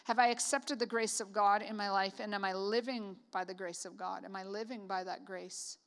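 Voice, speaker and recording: A woman's voice: medium pitch, steady tone, moderate pace, fairly bright tone. A Canadian woman preaching a casual sermon, chatty and joking with lots of "like" asides. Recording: reverberant hall.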